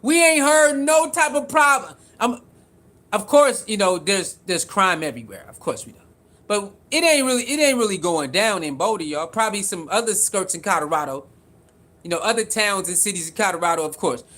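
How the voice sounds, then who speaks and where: A man with a high-pitched voice and streams casual sports commentary. He is animated and repeats himself for emphasis, calling out viewers by name as he reads their comments. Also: brisk. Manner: animated, repetitive, talks straight to viewers.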